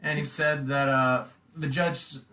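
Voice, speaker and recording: A young man telling a rambling, profane story on a casual podcast, acting out quotes loudly. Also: medium pitch, steady tone, measured pace. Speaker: podcast host.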